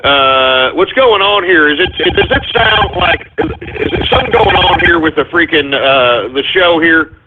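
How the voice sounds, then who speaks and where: Brief: irritated male host, higher voice, swearing rambler, tinny phone-line sound. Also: lively intonation, normal speed, loud music behind the voice. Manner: agitated, swearing, rambling with many fillers. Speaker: radio show host. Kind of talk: live call-in radio rant.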